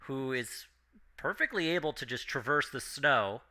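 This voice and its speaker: A man's voice: medium pitch, animated, measured pace, pushed and bright. A man narrating a tabletop game as game master, describing events and calling for saves.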